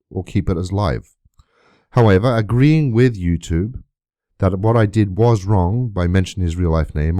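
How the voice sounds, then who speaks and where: A man's voice: low-pitched, mellow, no echo, clean studio sound. A man delivering an indignant, emphatic monologue to camera, full of rhetorical questions. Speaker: YouTube creator.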